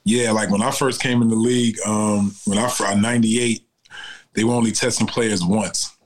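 This is a man in his forties with a lowish voice, speaking as an interview guest. He talks in a loose, conversational way and keeps turning to the listener with quick asides. His tone is easygoing rather than polished. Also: low-quality recording. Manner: relaxed, conversational, repeats "you know what I'm saying". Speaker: guest, cannabis company founder. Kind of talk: casual interview storytelling.

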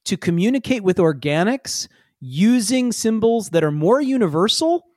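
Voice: mid-range voice, sing-song, moderate pace, darkish tone, no room sound. Chatty game master, dry close sound. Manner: chatty, explains with many fillers. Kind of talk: narrating a tabletop game.

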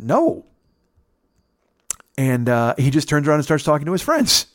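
Male podcast host, casual storyteller, swears a lot, animated impressions, slightly high, dry close mic. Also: moderate pace, pauses often, no echo. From United States. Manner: animated, profane, mimics others with pitch jumps.

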